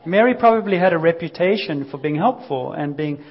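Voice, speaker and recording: A man's voice: on the high side, animated, fairly quick, husky, muffled recording. A man preaching a sermon, telling a Bible story in a conversational way and acting out the quotes.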